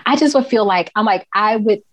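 Woman podcast host, casual, profane and self-mocking, mid pitch, dry close sound. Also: fairly quick, no room sound.

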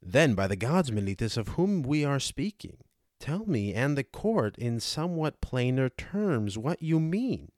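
A man's voice: mid-range voice, very animated, measured pace, darkish tone, no room sound, studio quality. A man reading as an old probing philosopher. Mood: indignant. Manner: rhetorical, cross-examining. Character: aged male philosopher, ironic and probing. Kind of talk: dramatized audiobook reading.

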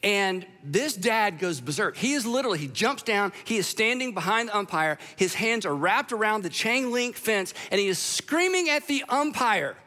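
A middle-aged man preaching a sermon, telling a personal story with humor and a lively delivery. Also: high voice, normal speed, few pauses.

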